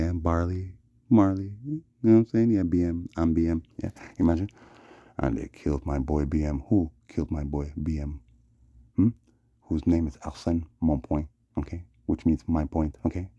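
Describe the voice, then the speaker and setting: A man's voice: a bass voice, fairly even intonation, moderate pace, mellow, dry recording, highs cut off. A man delivering a rambling vlog monologue, repeating "yeah" and "yes" as refrains. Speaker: vlogger.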